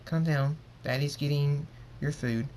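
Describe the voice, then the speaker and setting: A brash tomboy pony mare talks in a somewhat raised voice, as a man reads her lines in a fan story. Her pitch sits a few steps above his natural tone, with a faint hiss under the recording. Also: steady tone, a little slow, a little mellow, lightly acted. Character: brash tomboy mare pegasus, young mother.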